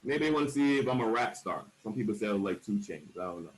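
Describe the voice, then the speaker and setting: A man's voice: on the low side, lively intonation, quick pace, low-quality recording. A man in his forties telling a personal story on a discussion panel, frank and emphatic, acting out the voices of people he quotes. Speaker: panel speaker.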